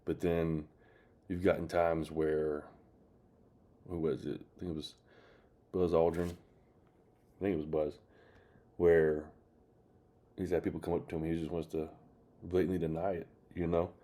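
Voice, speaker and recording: A man's voice: low voice, flat delivery, normal speed, long pauses, warm tone. A man hosting his channel, rambling in casual commentary with many fillers. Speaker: channel host reacting to clips.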